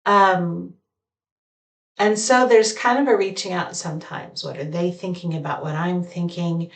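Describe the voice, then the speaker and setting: A woman talking alone to her camera at home, meandering through her thoughts with many pauses and fillers. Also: on the low side, fairly even intonation, vocal fry. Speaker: vlogger. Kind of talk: reflective solo talk to camera. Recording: echoey room, voice far from mic.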